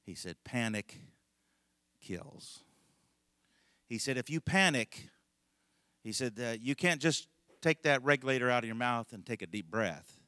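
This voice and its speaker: Folksy pastor man, bright and dry. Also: mid-range voice, animated, normal speed, no room sound. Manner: rambling, folksy storytelling with frequent laughs and restarts. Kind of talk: conversational sermon.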